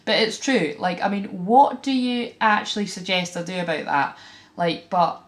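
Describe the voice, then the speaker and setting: A woman's voice: medium pitch, lively intonation, moderate pace. A Scottish woman hosting a spiritual reading vlog, talking frankly and chattily with plenty of fillers and asides. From Scotland. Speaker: tarot reader and spiritual channeler. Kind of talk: casual spiritual vlog talk.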